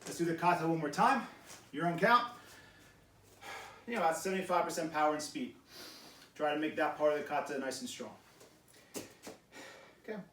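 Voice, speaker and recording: A man leads a karate workout, giving brisk tips and short barked commands. His voice sits a little high and carries through a roomy hall. He is picked up from a distance with faint background noise. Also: a bit bright. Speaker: karate instructor. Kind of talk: coaching a workout class. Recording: echoey room, mic far off.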